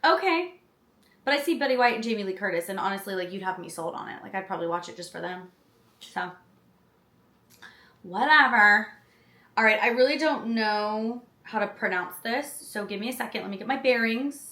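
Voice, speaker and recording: A woman's voice: medium pitch, lively intonation, moderate pace, pushed and bright. A woman hosting a channel, chatting casually and reading film synopses aloud, with self-deprecating, apologetic asides. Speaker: channel host. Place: indoor room, seated on a chair. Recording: roomy echo.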